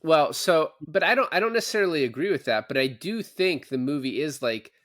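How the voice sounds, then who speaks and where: A man's voice: on the high side, expressive, fairly quick, fairly bright tone. A man co-hosting a podcast, chatting casually about a film and laying out his opinions point by point. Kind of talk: casual film discussion chat.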